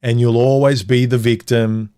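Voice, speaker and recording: A man's voice: medium pitch, level tone, normal speed, dark tone, smooth, no room sound, clean studio sound. A man hosting a live stream, chatting casually and bluntly with his viewers, cracking jokes and giving frank dating advice. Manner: blunt, joking, talks straight to the chat.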